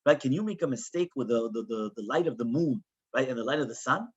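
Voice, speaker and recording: A man's voice: mid-range voice, lively intonation, fast, slightly rough, highs cut off. A man teaching a Talmud class as a rabbi, explaining the text with lots of rhetorical questions and quoted Hebrew and Aramaic.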